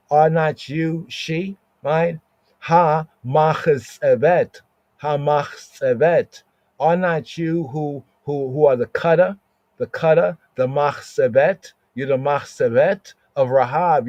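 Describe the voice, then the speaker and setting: A man's voice: medium pitch, a little mellow, dry recording. A man teaching a casual Bible word study, reading Hebrew words aloud and checking in with "right?" again and again. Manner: repeats words, asks "right?" often, reads Hebrew aloud. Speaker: podcast teacher. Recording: dull lo-fi sound, dry.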